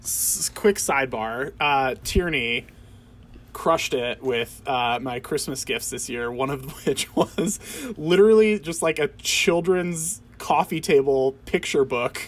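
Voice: mid-range voice, slow pace. A podcast co-host in casual chat who teases, swears and laughs often.

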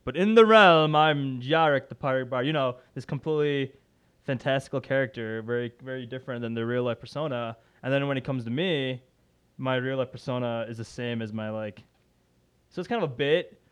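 A man, a podcast guest talking casually about his magic and improv work, chatty and self-deprecating with quick restarts. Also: mid-range voice, smooth.

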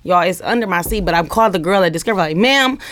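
A woman's voice: lowish voice, racing, dry recording. A woman, animatedly telling a story with quoted dialogue in a casual group chat.

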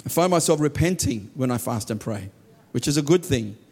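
A man preaching a sermon with earnest emphasis, often dropping to soft low tones and voicing heartfelt prayers aloud. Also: expressive, brisk, slightly rough.

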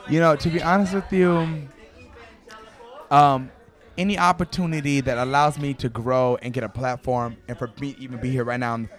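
A man's voice: medium pitch, steady tone, moderate pace. A man who is a reality TV cast member, guesting in a casual interview with a brash, joking manner.

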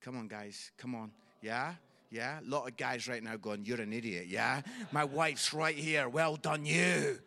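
A Scottish man doing a stand-up comedy routine, telling a story in a chatty way and keeping the audience involved with quick "yeah?" check-ins. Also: medium pitch, gravelly, sharp tone. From Scotland.

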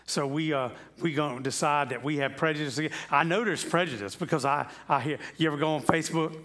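Chatty pastor, man with a higher voice. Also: fast talker, a bit bright. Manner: chatty, asks rhetorical questions, repeats himself. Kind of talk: conversational sermon. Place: church sanctuary.

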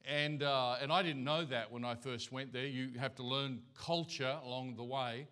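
A man's voice: medium pitch, steady tone, normal speed, pushed and bright, clear, resonant tone. A male pastor giving a conversational sermon in church, telling folksy stories and anecdotes.

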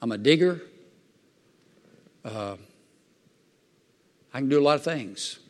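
A man preaching a sermon in a fervent, folksy way, swinging between loud excitement and quiet asides. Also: medium pitch, takes it slowly. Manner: folksy plain-spoken preaching. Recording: long hall reverb.

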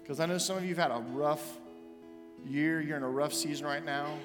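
A male preacher with a rather high voice delivers a sermon, slipping into animated voices as he tells a story. His words ring out with a long hall reverb, and soft music sits faintly underneath. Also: brisk. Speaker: senior minister. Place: large church sanctuary.

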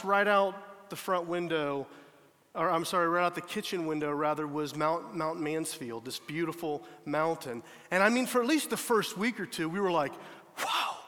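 Pastor guy preaching, kinda high voice, earnest and emphatic, long echo off the hall. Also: a bit bright. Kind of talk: sermon.

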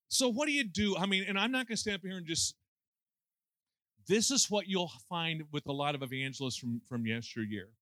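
A man's voice: high-pitched, expressive, normal speed, long pauses, pushed and bright, no room sound. A man in his sixties preaching a conversational sermon with folksy, self-deprecating humor and lots of fillers. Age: 60s.

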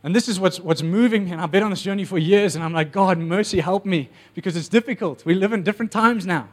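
A man preaching a sermon, telling stories with animated energy and acting out the voices. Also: high voice, fast.

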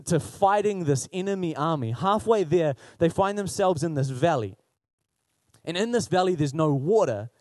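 A man gives a light, joking sermon to a congregation. His voice sits fairly high for a man. The sound is dry and close, with little room echo. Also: a little mellow. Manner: conversational, humorous preaching. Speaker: preacher.

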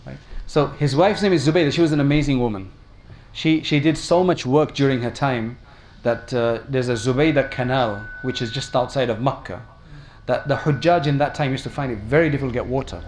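Male preacher, slightly high voice, storytelling sermon, faint room noise behind. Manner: storytelling, addresses audience with questions.

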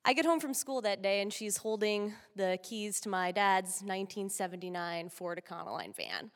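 A woman from Texas telling a comic story live, animated and laughing often. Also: medium pitch, moderate pace. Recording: long hall reverb.

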